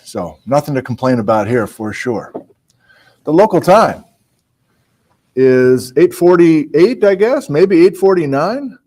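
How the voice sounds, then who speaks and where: A man hosting a live-streamed program, chatting casually, greeting viewers and reading out their hometowns, with frequent fillers and asides. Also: mid-range voice. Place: small indoor room on a college campus.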